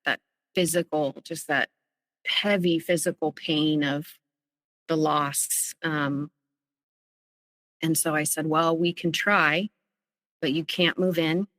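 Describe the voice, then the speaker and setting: A woman on a podcast, telling her own story in an earnest, halting way, often restarting her sentences. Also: deep voice, steady tone, a bit bright, dry recording, long reverb tail, rough recording. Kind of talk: personal storytelling.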